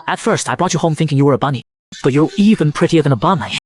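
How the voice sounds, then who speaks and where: Man doing male shark, smug, pushy, possessive, quick talker, a bit high. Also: animated, a little mellow. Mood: teasing. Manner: teasing, persistent, possessive. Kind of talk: comic recap narration.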